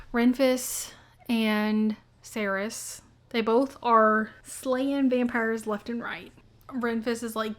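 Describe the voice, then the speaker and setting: Slow, chatty young woman vlogger. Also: on the high side. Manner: chatty, heavy use of "like". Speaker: book vlogger. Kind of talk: casual book summary vlog.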